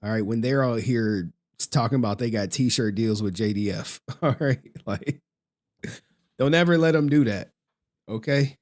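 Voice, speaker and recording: A man's voice: mid-range voice, measured pace, darkish tone. A man live-streaming, chatting loosely with his viewers in slangy talk and laughing often. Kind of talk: casual live-stream chat.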